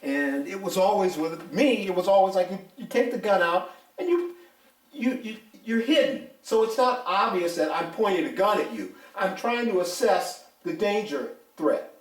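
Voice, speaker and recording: An older man with a high voice talks bluntly and emphatically, his pitch leaping around as he tells the story. He sits some distance from the mic, in a room with a lot of echo. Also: lively intonation, normal speed. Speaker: retired police officer, interviewee. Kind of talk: casual interview talk.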